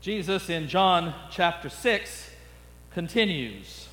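A man preaching an expository sermon, slowing down dramatically on key words. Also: sits high, animated, a bit bright, in a large hall, rough recording. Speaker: pastor.

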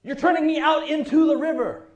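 A man voicing his gruff older grandfather who barks orders from a canoe. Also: extremely high pitch, fairly even intonation, brisk, reverberant, highs cut off, pitched above the performer's own voice. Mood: yelling. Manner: bossy, barking orders.

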